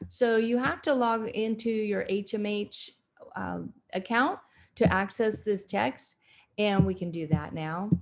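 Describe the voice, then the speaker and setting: Woman teacher narrating a recorded lesson to young kids over slides. She speaks slowly and deliberately, with many "uh" fillers and restarts. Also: mid-range voice, vocal fry, slight background noise. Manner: slow, deliberate, with frequent fillers and self-corrections. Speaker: second grade teacher.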